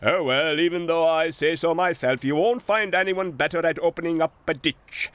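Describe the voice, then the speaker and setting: A man's voice: medium pitch, very animated, takes it slowly, pushed and bright, no echo, heavily acted. A man doing a pompous, boastful digger. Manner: pompous, self-important. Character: boastful proud male digger machine. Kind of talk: storybook character voice.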